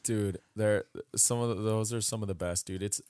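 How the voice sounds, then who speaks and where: A man's voice: fairly low pitch, steady tone, moderate pace, a little mellow, clear, resonant tone, dry recording. A man appearing as a guest on a podcast, chatting casually with easy laughs and an enthusiastic, dude-heavy manner. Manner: laughs easily, enthusiastic, says dude often. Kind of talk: casual chat. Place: podcast studio.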